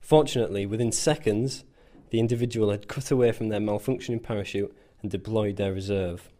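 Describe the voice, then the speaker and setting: Guy with a lowish voice reading his own story, dry and a bit self-mocking. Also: fairly even intonation, brisk, mellow. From England. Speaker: volunteer soldier. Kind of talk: scripted first-person narration.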